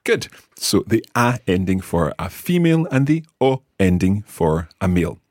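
Deep Scottish man teaching patiently. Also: very animated, no room sound. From Scotland. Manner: patient, explains and repeats words slowly. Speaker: language teacher and host. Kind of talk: podcast language lesson.

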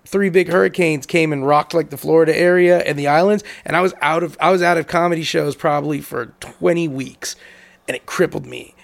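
A man's voice: on the high side, creaky. A young man on a podcast, telling a long story casually, swearing and acting out both sides of each conversation. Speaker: podcast co-host.

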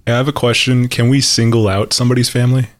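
A man's voice: medium pitch, flat delivery, quick pace. A man in a casual podcast chat, playful and jokey, asking follow-up questions and riffing. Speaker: podcast co-host.

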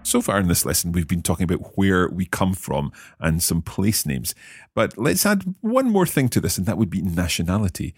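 Deep-voiced man learning phrases. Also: sing-song, husky. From Scotland. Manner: curious, repeats phrases slowly and carefully. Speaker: learner host of a language lesson. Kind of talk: language lesson dialogue.

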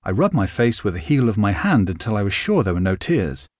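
Man reading a story aloud, lively sing-song delivery, dry close recording. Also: lowish voice, fairly quick, no echo. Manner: vivid, expressive storytelling. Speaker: narrator. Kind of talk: scripted first-person story reading.

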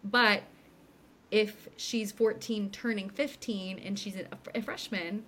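Young woman, podcast co-host, casual recap, acts out lines, mid pitch, faint background hiss. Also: slow. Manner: animated retelling, acts out characters' lines. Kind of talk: casual chat.

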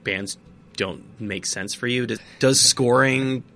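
A man's voice: medium pitch, takes it slowly, gravelly, sharp tone, slight background noise. A man hosting a podcast, casually interviewing and chiming in with easy, short agreement. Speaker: podcast host.

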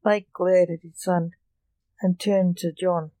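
A woman reading a story aloud in a steady, even manner. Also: fairly low pitch, slow pace, no echo. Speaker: story reader.

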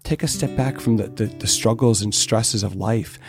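A middle-aged man with a somewhat low voice tells his story in a relaxed interview. He talks candidly and with feeling, throwing in the odd curse word. Quiet guitar music plays faintly behind him. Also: moderate pace. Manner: candid, animated, swears freely. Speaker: interview guest, distillery owner.

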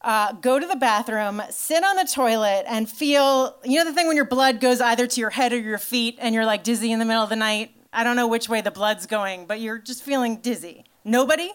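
A woman telling a story in a stand-up comedy set, chatty and animated, full of "like" and swearing. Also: fairly high pitch, fairly quick, few pauses, clear, resonant tone. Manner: animated storytelling to a live audience.

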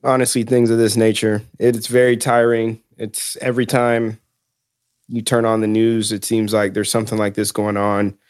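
A man co-hosting a casual podcast, speaking sincerely in a halting way. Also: fairly low pitch, little pitch movement, a little mellow, dry recording, clean studio sound. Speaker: podcast co-host.

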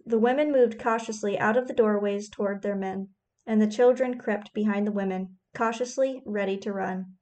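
A woman narrating an audiobook in a measured, descriptive manner. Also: medium pitch, fairly even intonation, a little mellow.

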